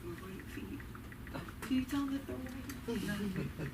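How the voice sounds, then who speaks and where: A woman's voice: fairly high pitch, animated, slow, far from the mic. A woman doing a nervous, chatty stand-up set at an open mic, laughing often and asking the crowd questions. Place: comedy club stage. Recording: noisy live room, voice from afar.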